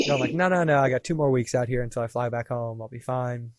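A man in his thirties tells a story as a podcast guest, casual and animated. He swears freely and acts out quoted lines as he goes. The sound is dry and close. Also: mid-range voice, fairly quick, hardly any pauses, dry recording.

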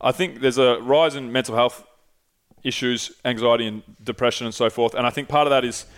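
A man's voice: mid-range voice, steady tone, a little fast. A man with an Australian accent hosting a podcast, talking in a loose, rambling way, swearing freely and often losing his thread. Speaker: podcast host. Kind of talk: casual chat.

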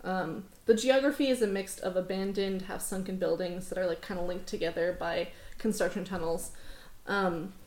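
A woman's voice: fairly low pitch, steady tone, normal speed, a little mellow, reverberant. A woman narrating as game master of a tabletop game, casual and rambling with many fillers. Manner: casual, rambling, laughs often. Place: construction zone.

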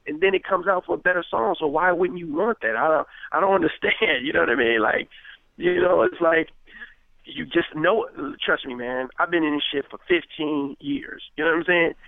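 A rapper from Richmond, California, talking casually as an interview guest, rambling and filling with "you know what I mean.". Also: male voice, a little high, moderate pace, gravelly, no room sound. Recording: tinny phone-like line, dry.

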